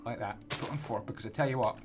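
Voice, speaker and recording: A man's voice: medium pitch, fast talker, noisy background. Chatty man narrating a block build. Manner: chatty, playful, counts blocks aloud. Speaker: Minecraft builder and tutorial host. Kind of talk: casual build tutorial commentary. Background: background music.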